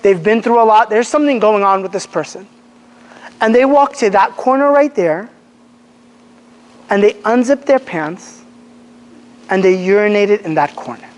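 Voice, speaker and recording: A man giving a casual religious lesson to young people, telling animated stories, acting out quotes and restarting his sentences often. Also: sits high, moderate pace, pauses often. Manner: animated storyteller, acts out quotes, many fillers and restarts. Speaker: Islamic teacher. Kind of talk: casual religious lecture to a youth group. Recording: long hall reverb.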